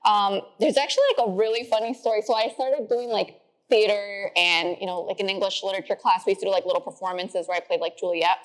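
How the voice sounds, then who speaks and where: A young woman in her twenties, a podcast guest telling stories in a chatty way, filling her talk with "like" and jumping higher when she quotes people. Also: fairly even intonation, fast. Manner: chatty, says "like" often, acts out quotes in a high voice. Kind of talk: casual interview storytelling.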